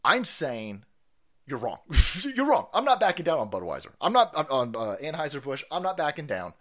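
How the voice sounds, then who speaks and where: Male streamer host, angry profane rant, high voice with big swings. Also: very animated, a little fast. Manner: angry, profane, shouting bursts. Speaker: livestream host. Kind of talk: ranting livestream commentary.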